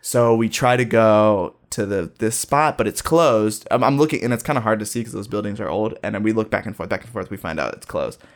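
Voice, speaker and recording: Gravelly-voiced man telling a story. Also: fairly low pitch, fairly quick, few pauses. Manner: animated storyteller, acts out quoted dialogue. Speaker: guest telling a travel story. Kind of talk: casual chat.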